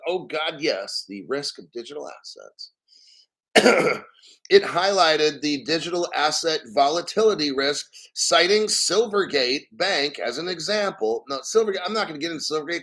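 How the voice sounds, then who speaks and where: A man's voice: fairly high pitch, fairly bright tone. Profane ranting male crypto host. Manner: blunt, profane, ranting, frequent throat clearing. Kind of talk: ranting commentary reading articles.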